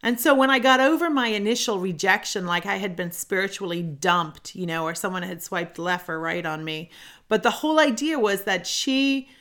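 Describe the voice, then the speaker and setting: A middle-aged woman hosting a solo self-help podcast, telling a personal story in an earnest, animated way. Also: mid-range voice, normal speed. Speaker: podcast host.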